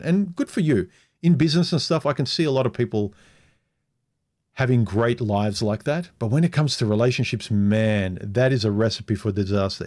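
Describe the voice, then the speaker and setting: A middle-aged man with a mid-range, somewhat mellow voice tells a personal story on a casual livestream. As a vlogger he comes across as frank and wandering, often restarting his sentences and dramatizing what others said.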